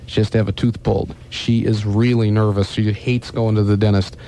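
A man hosting a radio morning show, telling long jokes and slipping into quick character voices. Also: on the low side, little pitch movement, mellow.

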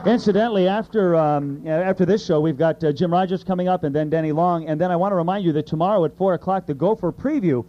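A man's voice: high voice, fast, hardly any pauses, muffled recording, slight background noise. A man hosting and emceeing a live impression contest at a fair in an upbeat, announcing manner. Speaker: radio host and contest emcee. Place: outdoor fair stage.

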